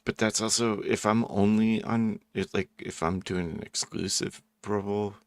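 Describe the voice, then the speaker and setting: A man's voice: on the low side, fairly even intonation, moderate pace, no room sound. A man hosting a casual open panel stream, talking in a laid-back way and laughing often. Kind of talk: casual chat.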